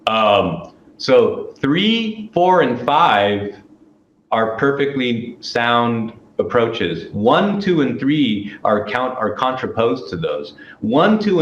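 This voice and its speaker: A man of middling pitch speaks as a talk-show guest, pressing his points emphatically and letting the odd curse slip. His voice rings in an echoey room. The sound is a little dull and lo-fi, with a faint hiss underneath. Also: a bit bright. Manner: emphatic, argumentative, profane. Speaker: guest commentator. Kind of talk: casual political chat.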